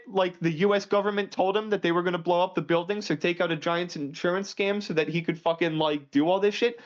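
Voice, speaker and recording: Sex: man. Role: podcast co-host. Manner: crude, ranting, lively pitch swings. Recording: muffled, lo-fi. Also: fast, hardly any pauses. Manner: crude, ranting, swings between loud outbursts and low mutters. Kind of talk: casual podcast chat. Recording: muffled lo-fi audio.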